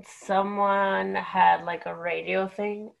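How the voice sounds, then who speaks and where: A woman's voice: medium pitch, little pitch movement, slow, creaky. A young woman co-hosting a podcast, chatting casually, laughing often and acting out what people said. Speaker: podcast co-host.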